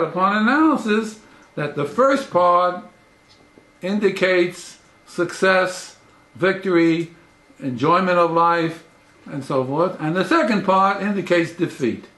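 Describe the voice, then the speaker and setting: A man lecturing as a professor, his voice pitched a little above the usual for a man. He talks haltingly, restarting phrases and jumping up in pitch to stress key words. The room around him rings with echo. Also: lively intonation, a bit bright. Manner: halting, with repeated restarts and frequent pitch jumps for emphasis. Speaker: professor giving a talk.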